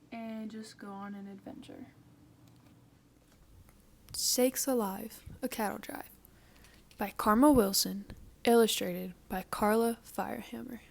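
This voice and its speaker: A woman reading a children's picture book aloud, with slow, careful storytelling. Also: fairly high pitch, gravelly, slight background noise. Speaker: storybook reader.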